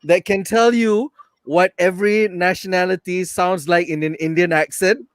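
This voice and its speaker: A man's voice: high-pitched, steady tone, moderate pace, no room sound. A man hosting an online comedy open mic, speaking Malaysian English, teasing the comic and laughing often. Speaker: comedy club host. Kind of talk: casual live emcee banter.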